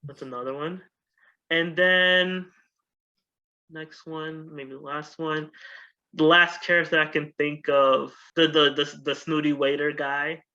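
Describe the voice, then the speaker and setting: A man's voice: on the high side, flat delivery, takes it slowly, bright, forceful tone, dull audio. A man co-hosting a podcast in casual chat, rambling with lots of restarts. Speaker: podcast co-host.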